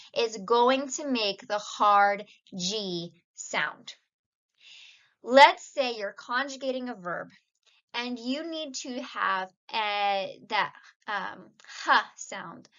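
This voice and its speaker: A woman's voice: on the high side, a bit bright, muffled recording. A woman teaching a casual video lesson, patiently explaining and mixing Spanish words into her English.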